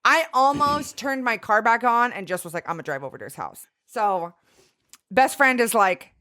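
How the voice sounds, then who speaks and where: A woman's voice: fairly high pitch, animated, moderate pace, pushed and bright. A young woman co-hosting a podcast, telling a story in casual chat, swearing freely and acting out what people said. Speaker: podcast co-host.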